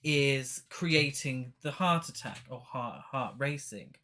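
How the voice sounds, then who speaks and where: A podcast co-host with a mid-range voice chats casually about a film. The talk is halting, full of restarts, and peppered with dry, deadpan remarks.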